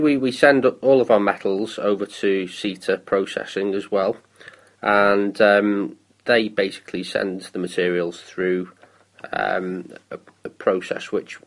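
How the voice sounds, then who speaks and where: Low-voiced man explaining recycling. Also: rough recording. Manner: hesitant, many ums and restarts. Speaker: council recycling officer. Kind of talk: casual radio chat.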